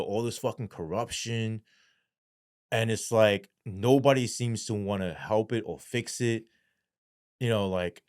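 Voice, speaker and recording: A man's voice: a little mellow, dry recording, clean studio sound. Blunt, profane man telling his story. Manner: blunt and heavy on profanity, with casual slang; drops into a low, halting voice when speaking of despair. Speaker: guest, former police sergeant. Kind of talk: candid storytelling in an interview.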